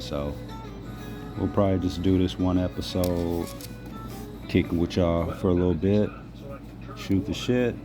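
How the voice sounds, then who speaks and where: A man hosting a casual podcast, talking in a laid-back, rambling way with casual swearing while he walks his dog through an apartment lobby. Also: sits low. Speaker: podcast host. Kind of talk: casual solo podcast chat. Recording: noisy background.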